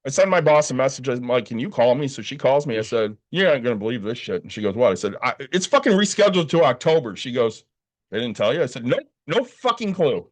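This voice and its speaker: Speaking fast at medium pitch, this man co-hosts a podcast. He launches into a long story in casual, profane style, playing out other people's quoted lines, and sounds exhausted from not sleeping much.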